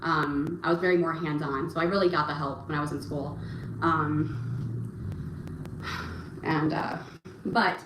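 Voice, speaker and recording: A woman's voice: deep voice, steady tone. Rambling young woman in a roomy room. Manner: rambling, halting, full of fillers and restarts. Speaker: livestream host reading chat. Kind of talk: casual livestream chat. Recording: roomy echo, faint background noise.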